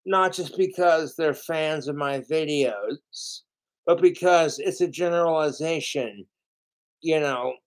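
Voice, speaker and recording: A man's voice: a little high, takes it slowly. A man rambling through a livestream about his cooking videos, swearing often, drinking alcohol and circling back on himself with self-pity. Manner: profane, self-pitying, meandering with restarts.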